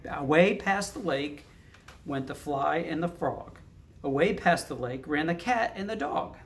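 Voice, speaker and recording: A man's voice: fairly high pitch, expressive, measured pace. A man reading a picture book aloud, adding casual asides and thoughtful hums between lines. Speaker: narrator.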